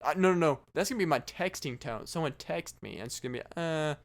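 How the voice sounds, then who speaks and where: A man hosts his own casual solo podcast, rambling alone in a sarcastic, mocking monologue. His voice is a little high, expressive, and fast.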